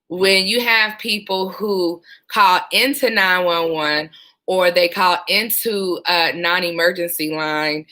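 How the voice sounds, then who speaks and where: Bright-voiced woman telling dispatcher stories. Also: on the low side. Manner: animated, laughs while telling stories. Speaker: former 911 dispatcher. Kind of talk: casual storytelling vlog.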